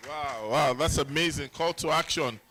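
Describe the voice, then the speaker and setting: A man's voice: fairly high pitch, moderate pace, sharp tone. A man hosting a summit session, exclaiming and asking the audience questions. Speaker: event host.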